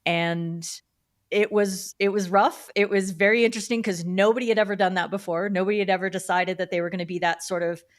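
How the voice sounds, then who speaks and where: A middle-aged woman from Canada, a guest on a podcast, telling stories about her career in a lively, casual way and acting out the voices of the people in them. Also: medium pitch, brisk. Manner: animated storyteller who acts out quoted dialogue. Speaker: podcast guest, field hockey umpire. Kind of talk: casual interview storytelling.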